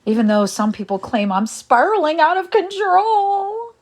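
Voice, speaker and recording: A woman's voice: very high voice, sing-song, measured pace. A middle-aged woman chatting casually on a livestream, rambling and exasperated as she talks to viewers. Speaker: livestream host.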